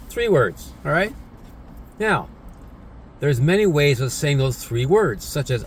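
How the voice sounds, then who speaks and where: A man's voice: fairly high pitch, big pitch swings, takes it slowly, pauses often, a little hiss or hum. Man teaching, full of tag questions. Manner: repetitive, tag questions like "right?" and "isn't it?". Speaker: English teacher. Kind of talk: casual spoken lesson.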